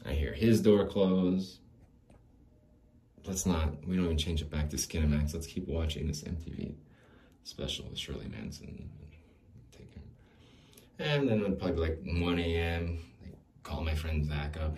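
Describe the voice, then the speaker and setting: Deep-voiced man rambling loosely. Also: normal speed, pauses often, mellow, a little hiss or hum. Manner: loose, rambling, frequent "like" and restarts, swears casually; laughs between thoughts. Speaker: podcast host. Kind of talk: casual rambling monologue.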